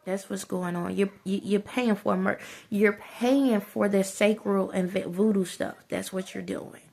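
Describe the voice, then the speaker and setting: A woman's voice: medium pitch, steady tone, unhurried, vocal fry, darkish tone. A woman vlogger in casual, rambling commentary who repeats herself, talks straight to her viewers and breaks into frequent laughter. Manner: colloquial, addresses viewers as y'all.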